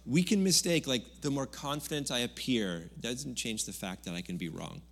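A man's voice: mid-range voice, normal speed, gravelly. A man preaching a Sunday church sermon in a conversational, jokey way, now and then raising his voice. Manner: conversational, jokey preaching with sudden loud bursts. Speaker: pastor. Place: church service.

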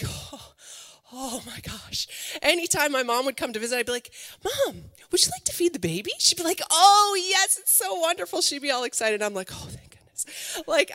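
A middle-aged woman preaching an online sermon in a conversational, lively way, asking the viewers questions. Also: sits high, in a large hall. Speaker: pastor.

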